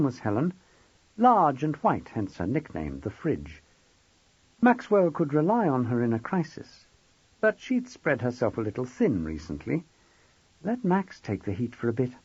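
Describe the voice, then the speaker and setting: A man narrates an audiobook with wry, expressive delivery. His pitch rises and falls widely, and his voice has a husky edge. The recording is dry and somewhat dull. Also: no room sound. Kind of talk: scripted narration.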